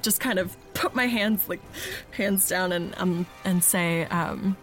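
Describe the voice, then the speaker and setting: A woman playing a tabletop game, describing her character with halting, filler-heavy phrasing. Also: on the low side, soft background music. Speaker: player. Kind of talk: tabletop game actual play.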